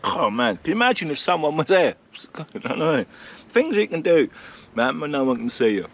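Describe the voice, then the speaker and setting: Lively, chatty man outdoors. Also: fairly high pitch, normal speed, creaky, dull audio, a little hiss or hum. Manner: chatty and self-mocking, laughs often. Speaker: vlogger. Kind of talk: casual vlog chat to camera. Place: outdoors at a countryside campsite.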